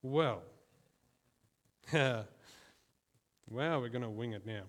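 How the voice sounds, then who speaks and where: A man with a fairly high voice delivers a sermon in a church, speaking to his listeners as friends. He keeps it conversational and slows down to stress his points. The sound rings with the long reverb of a large hall. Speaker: preacher.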